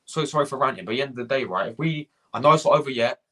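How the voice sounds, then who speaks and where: A man's voice: medium pitch, expressive, racing, pushed and bright. A young man hosting a fan live stream, ranting, swearing and repeating himself while greeting viewers from the chat. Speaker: fan channel host.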